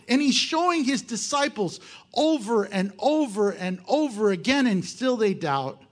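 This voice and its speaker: Male pastor, high voice with big swings in pitch, lively and joking, asks his congregation rhetorical questions. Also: a little slow. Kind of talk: sermon.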